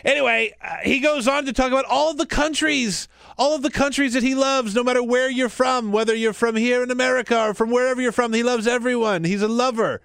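A man filling in as host of a political talk radio show, joking and animated, laughing easily. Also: extremely high pitch, fairly quick, gravelly, clear, resonant tone, no echo, clean studio sound. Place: radio studio.

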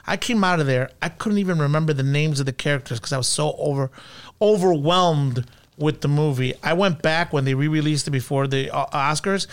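Man, guest, clear smooth voice, slightly high, enthusiastic anecdotes. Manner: enthusiastic storyteller, quick restarts. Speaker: guest film commentator. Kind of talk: casual chat about films.

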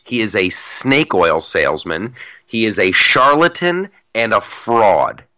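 Emphatic man with a lively, bright voice. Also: fairly low pitch, slow pace. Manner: emphatic, repeats phrases, mock-boastful. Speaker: podcast co-host. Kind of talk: casual political chat.

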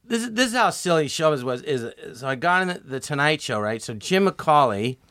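A middle-aged man telling stories as a comedian guest in an interview, acting out quotes with sudden jumps in pitch. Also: sing-song, fairly quick, pushed and bright, no room sound, clean studio sound. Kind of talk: storytelling interview.

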